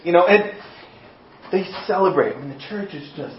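A man preaching a sermon as pastor, telling the story with lively acted-out voices. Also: sits high, normal speed, pauses often, a little hiss or hum. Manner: animated storytelling, acting out voices. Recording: echoey room, dull sound.

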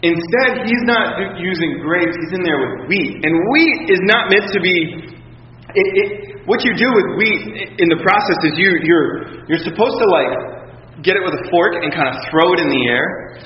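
A man's voice: high-pitched, animated, moderate pace, slight background noise. Man preaching in an echoey hall. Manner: conversational storytelling with frequent restarts and acted quotes. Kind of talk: sermon. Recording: echoey hall, dull sound.

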